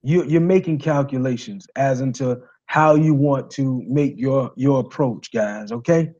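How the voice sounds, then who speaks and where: A man's voice: mid-range voice, unhurried, a little mellow, lo-fi sound. A man teaching singing to his viewers, reading tips aloud and adding casual asides with many fillers, calling the audience guys.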